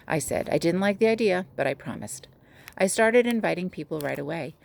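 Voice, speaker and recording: A woman teacher reading a children's novel aloud to her class in a steady, gentle way. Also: fairly low pitch, brisk, gravelly.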